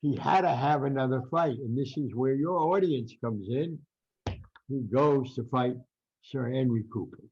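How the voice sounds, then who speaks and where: A man's voice: mid-range voice, unhurried, a little mellow, breathy edge. An older man with a New Jersey accent, a boxing writer telling rambling anecdotes in an interview and acting out the quotes. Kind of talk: storytelling interview. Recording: dull lo-fi podcast audio.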